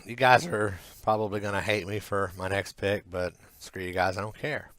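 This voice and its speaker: A man's voice: lowish voice, fairly even intonation, normal speed, a bit bright, no room sound. A man co-hosting a casual rock podcast, joking and teasing. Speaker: podcast co-host.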